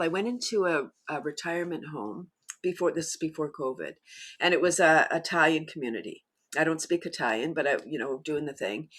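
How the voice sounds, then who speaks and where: A middle-aged woman who leads laughter yoga, talking as a guest in an animated way and often breaking into demonstration laughs. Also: fairly low pitch. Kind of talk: conversational interview.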